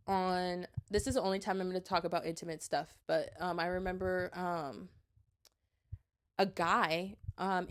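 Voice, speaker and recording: A woman in her twenties hosting a solo podcast, chatting earnestly and handing out advice with lots of likes and restarts. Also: mid-range voice. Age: 20s. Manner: urging, advice-giving. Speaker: podcast host. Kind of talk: casual solo podcast talk.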